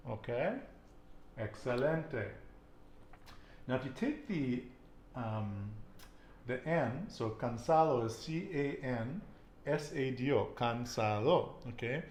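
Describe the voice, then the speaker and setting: A man's voice: medium pitch, animated, slow, a little mellow, reverberant, slight background noise. A man teaching a casual Spanish lesson, patiently quizzing his student with questions.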